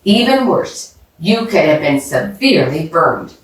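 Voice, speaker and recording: A woman's voice: on the low side, lively intonation, a bit bright. A woman reading aloud voicing a serious father giving boys a grave talking-to, heard from a distance in an echoey room. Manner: grave, measured. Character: stern serious father of a boy.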